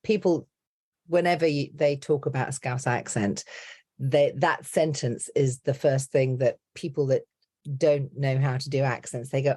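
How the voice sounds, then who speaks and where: A woman's voice: rumbling low, fairly even intonation, normal speed, a little mellow. A woman who works as an accent and dialect coach, chatting casually and emphatically on a podcast.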